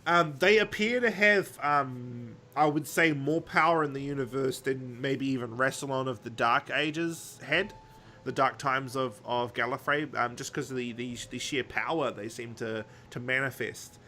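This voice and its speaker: A man's voice: mid-range voice, normal speed, pushed and bright, slight background noise. A man co-hosting a podcast, casually recapping a story in a rambling, jokey way with lots of ums. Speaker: podcast co-host.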